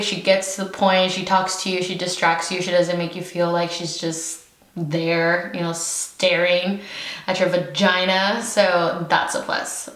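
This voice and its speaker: A woman's voice: lowish voice, a bit bright, echoey room. A woman from California talking frankly in a casual mukbang chat, full of fillers. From California, USA. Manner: chatty, frank, many fillers. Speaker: beauty vlogger.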